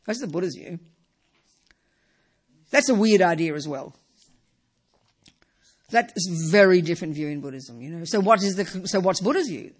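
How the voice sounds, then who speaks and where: A woman's voice: on the low side, lively intonation, moderate pace, long pauses, slightly rough. A woman teaching a Buddhist lesson in an informal, emphatic way, often tossing in rhetorical tag questions and "you know" asides. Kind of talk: informal dharma talk.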